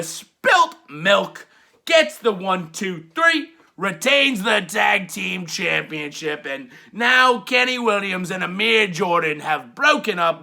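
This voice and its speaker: A wrestling show reviewer gives a rowdy, crude comedic recap, laughing at his own jokes and stretching punchlines into drawn-out hollers. His voice sits high and is gravelly with a sharp tone.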